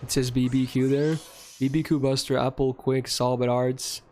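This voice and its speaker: A man's voice: mid-range voice, level tone, moderate pace, darkish tone. A man streaming a game live, talking casually to his chat and getting frustrated, swearing and ranting about the game.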